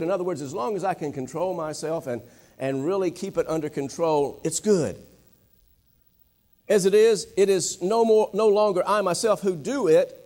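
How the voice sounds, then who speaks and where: A man preaching a sermon, with a dramatic delivery that swings from animated to hushed and low. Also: normal speed. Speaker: pastor. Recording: long hall reverb.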